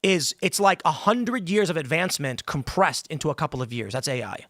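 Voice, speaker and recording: Argumentative male host, slightly high voice, dry studio mic, talk-show debate. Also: animated, fairly bright tone, no room sound. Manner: pushy, argumentative, quick to interrupt. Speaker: podcast host. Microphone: studio microphone.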